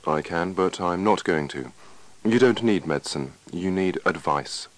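A man reading the part of a doctor in a scripted lesson dialogue, firm, reassuring and measured. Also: deep voice. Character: calm, firm male doctor giving advice.

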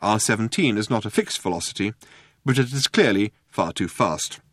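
A man doing scripted narration of an audiobook in a dry, measured way. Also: fairly low pitch, lively intonation, a bit bright, no room sound.

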